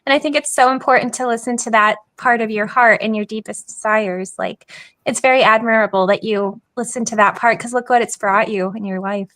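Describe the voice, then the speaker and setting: A woman co-hosting a podcast, speaking earnestly and warmly affirming the guest. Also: fairly high pitch, steady tone, fairly quick, dry recording. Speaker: podcast co-host. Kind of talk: casual chat.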